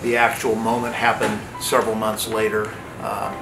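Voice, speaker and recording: A man giving a calm, steady testimony in an interview, with occasional fillers. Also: fairly low pitch, moderate pace, creaky, background noise. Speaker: interviewee, friend. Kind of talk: measured testimony. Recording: roomy, slightly distant, loud music behind.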